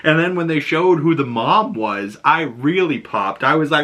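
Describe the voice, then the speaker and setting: A man giving a casual, animated movie review, chatty with lots of fillers and swearing. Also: fairly high pitch, moderate pace, hardly any pauses.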